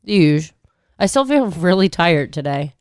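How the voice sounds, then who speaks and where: A woman's voice: fairly low pitch, sing-song, moderate pace, clean tone, no echo, studio quality. A woman co-hosting a podcast in casual chat, rambling through stories and teasing her co-hosts. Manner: chatty, rambling storyteller, teasing. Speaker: podcast co-host.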